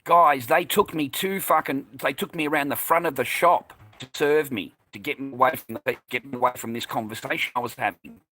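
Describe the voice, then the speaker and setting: An Australian man recounts a run-in in a loose, heated monologue full of swearing and combative asides. His voice sits at an ordinary male pitch, and the sound is dry and close with almost no room echo. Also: fairly quick, few pauses, sharp tone. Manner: profane, agitated, combative storytelling. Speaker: vlogger recounting a personal incident. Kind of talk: casual monologue.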